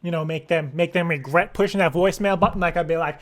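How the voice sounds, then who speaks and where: A man's voice: fairly high pitch, fairly even intonation, quick pace, hardly any pauses. A man making a prank phone call, rambling and stammering in a mock-earnest way. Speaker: prank caller.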